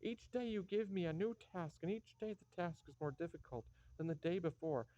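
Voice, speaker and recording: Male reader voicing a young fiancée, pleading, pitched up; mellow, lo-fi dry audio. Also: a little fast, no room sound, natural voice. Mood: anguished. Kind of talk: play reading. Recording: dull lo-fi dry recording.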